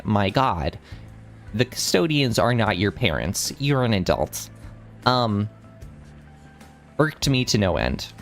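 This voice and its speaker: A young man streaming, telling an anecdote in casual chat with a rambling, animated delivery. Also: on the low side. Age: young adult. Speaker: streamer host.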